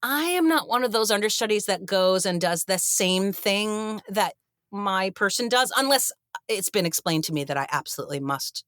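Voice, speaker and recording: A woman actress as a guest in an interview, telling backstage stories in a lively way and acting out what people said. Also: medium pitch, moderate pace, no room sound. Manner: animated storyteller, acts out quotes with laughs. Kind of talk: interview storytelling.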